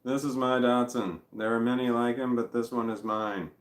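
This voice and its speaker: A middle-aged man vlogging in casual chat, rambling and halting, with blunt swearing. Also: medium pitch, fairly even intonation, roomy sound.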